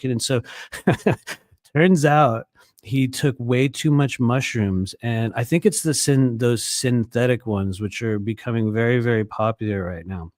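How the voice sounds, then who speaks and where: A man's voice: medium pitch, normal speed, no echo. Rambling middle-aged man telling a story. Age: 50s. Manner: rambling, repeats phrases, many fillers. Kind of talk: casual storytelling to viewers.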